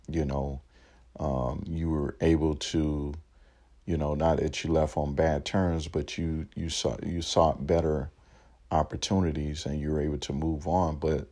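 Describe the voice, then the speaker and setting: A man's voice: rumbling low, dark tone. A man giving a casual, encouraging talk, rambling with many fillers and restarts. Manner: encouraging, motivational. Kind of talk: casual reflective monologue.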